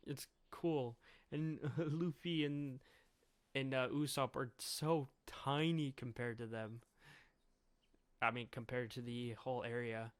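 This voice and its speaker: A man's voice: mid-range voice, no room sound. A man casually reading through and reviewing a comic chapter, chuckling often as he trails off and restarts.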